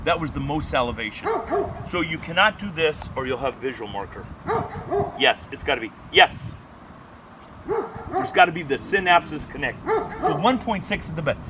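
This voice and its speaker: A man's voice: a little high, noisy background. A man leading a dog training workshop, lecturing and sharply calling out commands.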